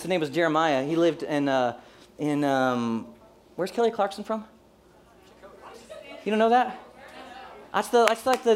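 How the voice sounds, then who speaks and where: A male pastor in his forties giving a sermon in a relaxed, conversational way. He keeps things light with humor and acts out small everyday scenes as he goes. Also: high voice.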